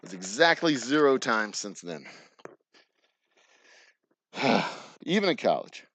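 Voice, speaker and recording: A man's voice: medium pitch, very animated, slow pace, a bit bright, dry recording. A middle-aged man with a Texan accent who rambles through stories in casual live-stream chat while he works in a distillery, swearing freely and laughing often. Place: distillery workroom.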